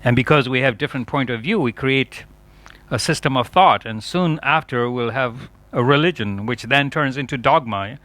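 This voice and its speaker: A man's voice: mid-range voice, normal speed, fairly bright tone, no room sound. Chatty man giving a festival talk. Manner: chatty and digressive, laughing often. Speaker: speaker at a yoga festival. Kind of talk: lecture.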